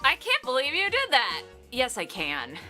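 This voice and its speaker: A woman's voice: sits high, huge pitch swings, normal speed, sharp tone, soft background music, voice pushed up, exaggerated voice. A woman voicing a bossy young woman lawyer who scolds indignantly. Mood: scolding.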